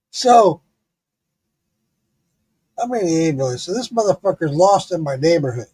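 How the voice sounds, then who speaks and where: Profane, animated man telling a story. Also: fairly high pitch, fast talker, hardly any pauses, breathy edge. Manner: profane, laughing, animated retelling. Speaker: live stream host. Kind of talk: casual storytelling.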